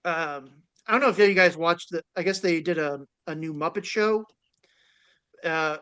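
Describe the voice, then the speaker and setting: A man's voice: fairly high pitch, normal speed, a bit bright, clean tone. A man co-hosting a casual film podcast, making dry joking asides. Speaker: podcast co-host. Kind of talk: casual chat.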